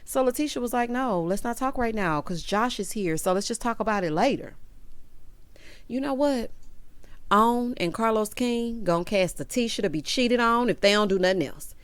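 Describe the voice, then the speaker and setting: A woman's voice: fairly high pitch, animated, moderate pace, smooth, dry recording. A woman, chatting sassily to her viewers as she recaps a reality show. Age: late 30s. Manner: sassy, chatty, talks straight to viewers. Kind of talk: casual recap commentary.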